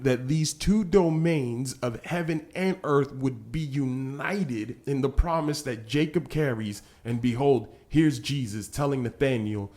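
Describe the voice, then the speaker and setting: A man co-hosting a podcast, casually teaching through a Bible passage and often checking in with "right?", growing animated as he retells the scenes. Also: mid-range voice, unhurried, few pauses. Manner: gets animated when retelling scripture. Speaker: podcast co-host.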